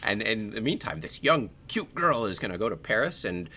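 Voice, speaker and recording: A man co-hosting a casual chat, retelling a show in an animated way with frequent swearing. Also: lowish voice, moderate pace.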